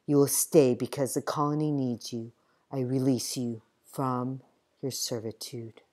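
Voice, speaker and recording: A woman reading the part of a wounded, feverish army captain who speaks slowly and gravely. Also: rumbling low, fairly even intonation, warm tone. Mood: weary, grave. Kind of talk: audiobook character reading.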